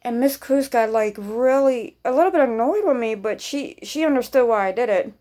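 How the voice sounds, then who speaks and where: A woman vlogger tells a long personal story in a loose, casual way. She rambles, swears freely and acts out each person's lines. Her voice sits a little high. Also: moderate pace, mellow.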